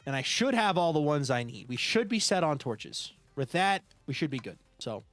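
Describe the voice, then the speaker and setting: A high, lively male streamer chatting his way through a building game, his voice rising and falling as he greets and thanks viewers one after another. Faint music runs in the background throughout. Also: normal speed. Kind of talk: live gameplay stream chat.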